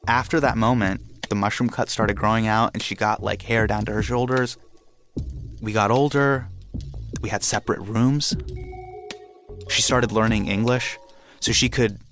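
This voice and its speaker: A young adult man telling a personal story in an animated way, acting out the voices of his family. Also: on the low side, normal speed, pauses often, faint music behind.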